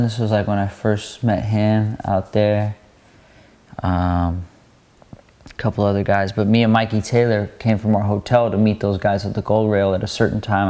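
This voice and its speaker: A pro skateboarder giving relaxed commentary over his video footage, rambling into stories with plenty of fillers. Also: on the low side, creaky.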